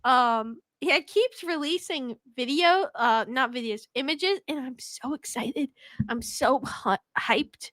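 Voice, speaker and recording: A woman co-hosting a podcast in casual chat, excitable and quick to swear and laugh. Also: sits high, no room sound, clean studio sound. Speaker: podcast co-host.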